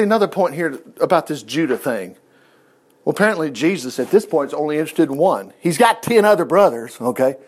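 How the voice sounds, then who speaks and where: A man preaching and retelling a Bible story in a playful, animated way, laughing often and acting out the characters' lines. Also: high-pitched. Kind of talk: sermon-style Bible storytelling.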